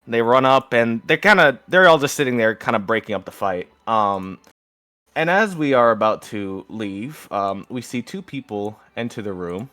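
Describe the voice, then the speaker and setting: A young man running a tabletop game as game master, telling the scene in a lively way. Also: medium pitch, moderate pace, no echo. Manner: lively storytelling, slips into character voices.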